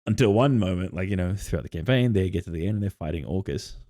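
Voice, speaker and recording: Deep-voiced man telling campaign stories. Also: expressive, quick pace, warm tone, dry recording, clean studio sound. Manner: rambling storyteller with many "like" fillers and restarts. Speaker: podcast co-host and game master. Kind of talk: casual chat about tabletop campaigns.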